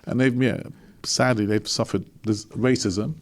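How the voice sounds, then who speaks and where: A middle-aged man from London, speaking as an honorary consul in a casual interview, jovial and animated, laughing often. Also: on the low side, unhurried. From England.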